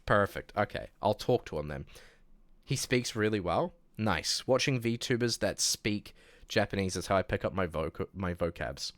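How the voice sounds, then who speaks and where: A young man with a New Zealand accent, chatting casually on a livestream and reading chat aloud, relaxed, laughing easily and restarting his sentences. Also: fairly low pitch, moderate pace. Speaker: streamer.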